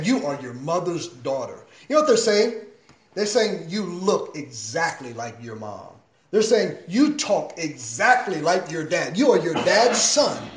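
A man preaching a sermon as a pastor, emphatic, with big swings in pitch and loudness. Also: echoey room.

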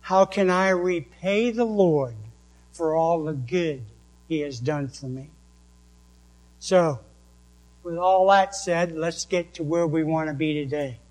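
A man with a New England accent, preaching a sermon and reading scripture verses slowly and deliberately. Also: a little high, a little mellow, low-quality recording. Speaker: pastor.

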